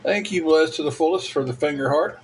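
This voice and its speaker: A man's voice: fairly high pitch, fairly quick, slight background noise, rough recording. A man hosting a casual livestream, rambling in a folksy way and thanking viewers by name. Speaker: livestream host.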